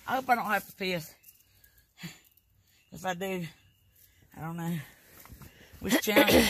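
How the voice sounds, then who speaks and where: A woman's voice: fairly high pitch, fairly bright tone, breathy edge. An older grandmother cursing and grumbling inside a tent, recorded on a phone. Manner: cursing, cranky, threatening in jest. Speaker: grandmother on a camping trip. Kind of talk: profane grumbling in a home video.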